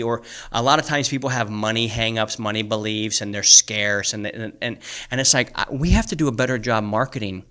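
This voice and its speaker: A man's voice: on the low side, brisk, few pauses, pushed and bright, clean tone. A man co-hosting a podcast, ranting heatedly and swearing often, rambling with many restarts. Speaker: podcast co-host, coach. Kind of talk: heated casual podcast chat. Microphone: studio microphone.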